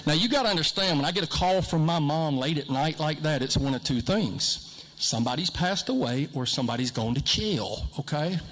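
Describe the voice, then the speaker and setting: A man's voice: fairly high pitch, lively intonation, brisk, fairly bright tone. A man around fifty giving a motivational speech to a live audience, repetitive and folksy, with joking asides. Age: late 40s or 50s. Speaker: school district speaker. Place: large hall with audience. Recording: long hall reverb.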